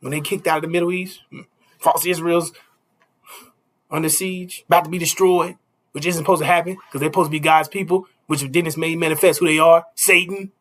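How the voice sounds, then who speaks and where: Man, preacher, street sermon, chuckling asides, raised pitch. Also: steady tone, a little fast, a bit bright. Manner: preachy, repeats "you see?", chuckles between points.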